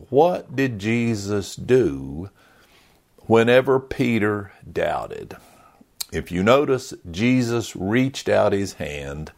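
Male pastor, earnest sermon delivery, low pitch, animated intonation. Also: gravelly. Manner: earnest, preaching with lively rises and falls.

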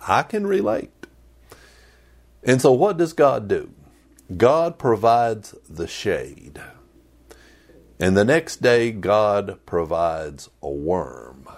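Animated, slow-talking male preacher. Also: on the low side. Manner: animated, conversational, playful asides. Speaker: pastor. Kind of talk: sermon.

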